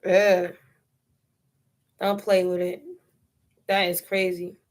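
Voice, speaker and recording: Slow-talking New York woman on a livestream. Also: mid-range voice. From New York City. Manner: unhurried, drawn-out talk with frequent laughter and slang. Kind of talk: casual live stream chat.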